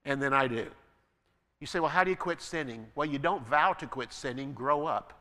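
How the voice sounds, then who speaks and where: A man preaching a sermon as pastor, building to emphatic peaks and then dropping to quiet asides. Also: mid-range voice, normal speed, long reverb tail. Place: church.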